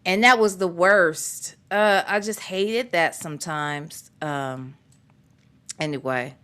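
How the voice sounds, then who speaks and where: Speaking slowly in a lowish, slightly bright, clean voice, this middle-aged woman runs a laid-back livestream. She's chatty and playful, laughs easily, calls out viewers by name, and reads their comments out loud.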